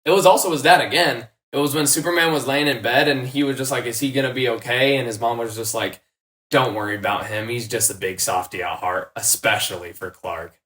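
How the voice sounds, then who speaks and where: A man's voice: mid-range voice, fairly quick, fairly bright tone. A young man in casual podcast chat, talking earnestly with many fillers. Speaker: podcast co-host. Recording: distant, echoey room mic.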